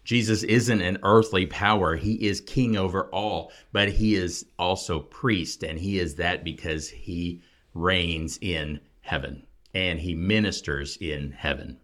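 A man's voice: low-pitched, measured pace, a bit bright. A man explaining Bible passages in a casual discussion, building to emphatic, preacher-like stresses on key points.

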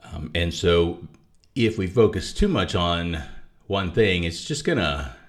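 Deep-voiced man explaining thoughtfully. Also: expressive, takes it slowly. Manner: thoughtful, restarts and explains with asides. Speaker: author and guest. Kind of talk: conversational theology discussion.

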